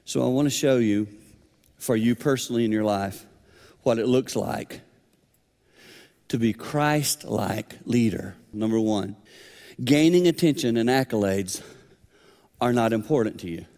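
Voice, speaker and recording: A man in his fifties preaching a sermon to a young audience, animated, jumping from loud exclamations to near whispers. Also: mid-range voice, measured pace, pauses often, long reverb tail. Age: 50s. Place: large hall with young audience.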